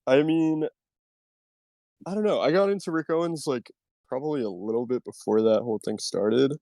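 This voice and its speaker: A young man talks loosely on a podcast, drifting between casual swearing and quick laughs. His voice sits at a middle pitch, recorded dry and close with no room sound. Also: mellow, no room sound. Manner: laid-back, swears casually, laughs often. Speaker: podcast host. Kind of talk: casual chat.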